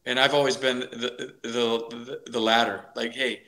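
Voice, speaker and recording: A middle-aged man spins stories from his playing days with animated energy. His voice has a bright, forward edge. He often stumbles over his first words before the point lands. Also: medium pitch, measured pace. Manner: energetic, animated storytelling with repeated restarts. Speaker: guest, former ballplayer and broadcaster. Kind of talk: storytelling in a podcast interview.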